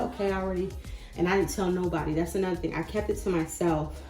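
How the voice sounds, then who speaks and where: A woman's voice: on the low side, steady tone, fast. Chatty woman vlogger in an echoey room. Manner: chatty, loose and goofy, with sudden loud bursts. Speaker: spiritual vlogger. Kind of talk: casual encouraging talk to camera. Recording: echoey room with faint music.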